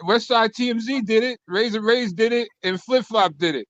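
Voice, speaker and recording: A man chatting with friends on an online stream, spinning a story with lots of swearing and laughter and mimicking other people's lines along the way. His voice is a bit on the high side for a man. The sound is dull and lo-fi, dry, with no room around it. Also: normal speed, no echo. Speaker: channel host telling stories to co-hosts. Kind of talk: casual group chat on an online stream.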